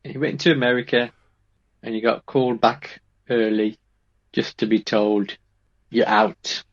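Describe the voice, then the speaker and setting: A man's voice: mid-range voice, steady tone, moderate pace, lo-fi sound. A man from Wolverhampton, co-hosting a casual podcast with dry, brief replies. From Wolverhampton, England. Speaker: podcast co-host. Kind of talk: casual chat.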